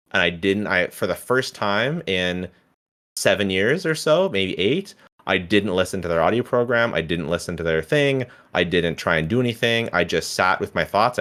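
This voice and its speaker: A man in his thirties recounts his story in casual talk, his voice sitting fairly low. He stumbles and restarts often, sometimes slipping into the voices of people he quotes. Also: a bit bright. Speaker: guest.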